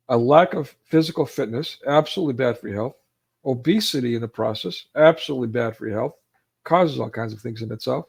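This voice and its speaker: A man's voice: mid-range voice, vocal fry, a little mellow. A man hosting a livestream, giving rambling, preachy, emotional commentary with frequent restarts. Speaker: livestream host.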